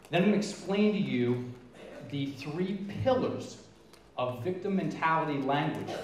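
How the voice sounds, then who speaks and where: Middle-aged male speaker, emphatic and energetic, recorded live in an echoey hall with faint room noise. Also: medium pitch, recorded from a distance. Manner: energetic, emphatic, stretches key words. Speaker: featured speaker. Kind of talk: live motivational presentation. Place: large event hall.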